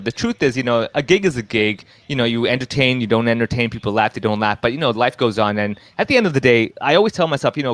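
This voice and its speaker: A man's voice: mid-range voice, no room sound. A man from Hong Kong, a stand-up comedian, chatting casually in an interview and acting out voices in his stories. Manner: animated storyteller, acts out quoted voices.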